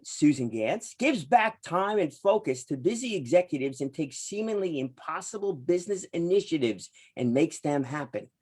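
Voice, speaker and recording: A man's voice: medium pitch, darkish tone. A man hosting an interview show, talking in a chatty, rambling way and laughing easily. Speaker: podcast host.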